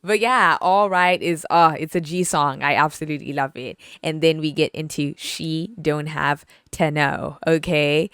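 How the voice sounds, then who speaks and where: Woman chatting on her podcast, smooth low-ish voice, dry close sound. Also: no echo. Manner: chatty, says "like" a lot, sings lyric snippets. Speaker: podcast host. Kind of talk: casual album review chat.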